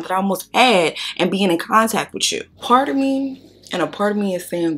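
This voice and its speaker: A woman's voice: mid-range voice, animated, moderate pace, slightly rough. A young woman doing a makeup tutorial while telling a blunt, profane story straight to her viewers. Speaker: makeup vlogger.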